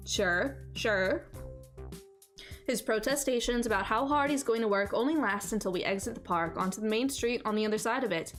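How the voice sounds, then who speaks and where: A woman's voice: a little high, fast talker, few pauses, faint music behind. Playful, bubbly woman streamer riffing. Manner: animated, playful, repeats phrases in riffs. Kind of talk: let's-play commentary and visual novel narration.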